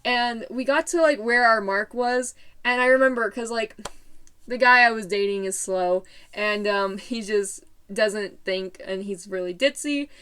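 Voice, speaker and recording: A woman's voice: on the high side, a little slow, a bit bright, clean tone. A teenage girl telling a story in a casual vlog, bubbly and rambling with lots of fillers. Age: late teens.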